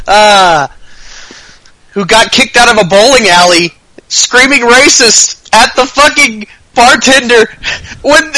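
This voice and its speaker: Man, podcast co-host, rambling laughing storyteller, swears, bright high voice. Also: slow, low-quality recording. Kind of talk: casual podcast chat.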